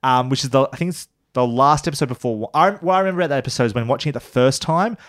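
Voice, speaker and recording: A man's voice: medium pitch, racing, a bit bright. Rambling man chatting casually. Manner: rambling, restarts often, casual swearing. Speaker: podcast co-host. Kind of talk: casual review chat.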